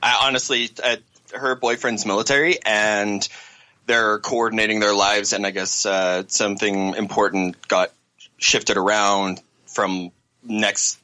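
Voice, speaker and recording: Bright-voiced man, rambling guest chat. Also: lowish voice, little pitch movement, unhurried. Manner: rambling, self-deprecating, many fillers. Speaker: podcast guest. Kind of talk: casual chat.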